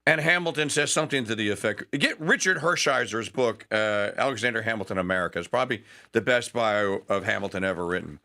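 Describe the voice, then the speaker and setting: A man's voice: fairly low pitch, fairly quick, few pauses, pushed and bright. A man hosting a talk show, telling a history story with enthusiasm, digressions and frequent restarts.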